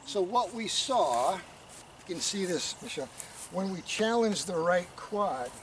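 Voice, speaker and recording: A man coaching a student through riding posture stretches with calm, step-by-step directions. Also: sits high, unhurried. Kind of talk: instructional coaching. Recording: distant mic, noisy outdoor background.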